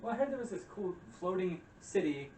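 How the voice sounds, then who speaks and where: Young man, rapid rambling recap, profane, echoey room, mic a few feet off. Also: sits high, very animated, warm tone, slight background noise. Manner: rambling, profane, acts out quotes. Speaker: game recap presenter. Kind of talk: casual chat. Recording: roomy room, distant mic.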